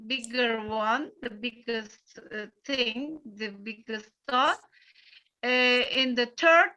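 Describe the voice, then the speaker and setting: A middle-aged woman with a Turkish accent teaching an English class, explaining patiently in halting sentences with many fillers. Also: high voice, pushed and bright, highs cut off.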